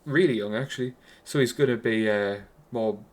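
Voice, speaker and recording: A man's voice: medium pitch, moderate pace. A man with a Geordie accent giving a casual, rambling film review, swearing constantly and restarting his sentences.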